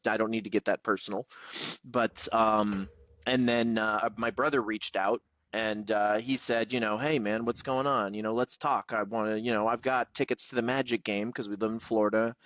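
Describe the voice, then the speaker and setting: A man's voice: fairly low pitch, a bit bright, no room sound, highs cut off. Candid, swearing podcast host man. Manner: candid storytelling, swears freely. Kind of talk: casual podcast conversation.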